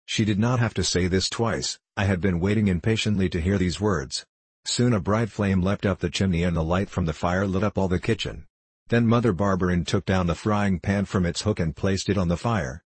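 A man narrating an audiobook in a measured, steady reading voice. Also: deep voice, slightly rough, no echo.

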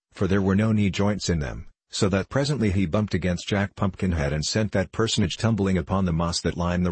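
A man narrating a children's story as an audiobook reader, with a steady storytelling delivery. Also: sits low, slightly rough, dry recording. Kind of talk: scripted narration.

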